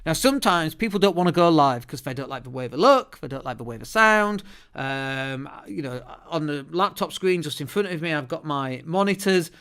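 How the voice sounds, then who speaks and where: A British man hosting a solo podcast, talking in a chatty, lively way into a studio microphone and often restarting his words. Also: fairly high pitch, moderate pace, clear, resonant tone. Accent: British English. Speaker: podcast host.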